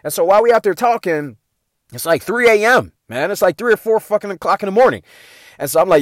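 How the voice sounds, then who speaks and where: A man's voice: high voice, lively intonation, fast, no room sound, studio quality. A young man from the hosting his own show, telling a profane, laughing story in a casual monologue. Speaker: podcast host.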